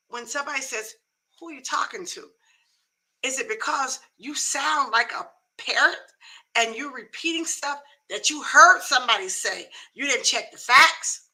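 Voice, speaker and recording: A woman's voice: high-pitched, expressive, measured pace, pushed and bright, poor audio. A middle-aged woman hosting a live talk show, giving emphatic, folksy advice in a casual, preachy way.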